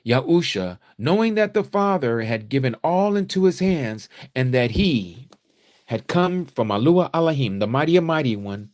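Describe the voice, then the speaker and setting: A man leading a scripture study sermon, reading slowly and deliberately, then turning emotional and climbing loud and high as he preaches. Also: very animated. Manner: emotional, preacherly, rises in pitch and volume when exhorting; slow deliberate reading with pauses.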